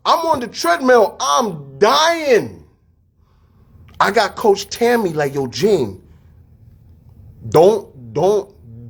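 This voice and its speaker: A man giving a casual motivational talk, energetic and full of street slang, repeating his phrases. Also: sits high, breathy edge. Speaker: fitness studio staff and podcast host.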